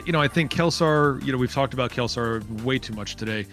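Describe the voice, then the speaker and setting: A man calls an online spaceship race live in a chatty, upbeat way, piling in fillers as he reads out lap times. His voice sits at an ordinary pitch, with faint music playing behind him. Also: fairly quick, a bit bright. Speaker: race commentator. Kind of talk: live esports commentary.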